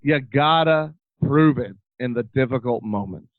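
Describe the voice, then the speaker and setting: A middle-aged man with a medium-pitched voice speaks at a measured pace as a guest in a casual interview chat, telling animated stories and restarting his sentences often. The recording is dry and sounds tinny, like a phone line.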